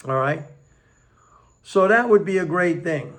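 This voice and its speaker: Older male commentator, fairly high voice, emphatic, slows to stress points, solo talk to a tripod camera. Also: lively intonation, fairly bright tone. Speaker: economics commentator. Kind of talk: casual opinion monologue.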